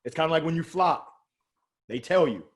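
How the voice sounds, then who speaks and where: A man speaking as an interview guest about sales, lively and joking, with strong emphasis. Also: fairly high pitch, normal speed. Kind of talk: energetic motivational interview talk.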